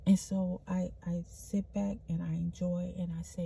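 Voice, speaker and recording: A woman's voice: fairly low pitch, steady tone, measured pace, creaky, warm tone, husky. A woman vlogging an earnest, spiritual pep talk, repeating herself and calling the listener honey. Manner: spontaneous, loose restarts. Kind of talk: spiritual motivational monologue.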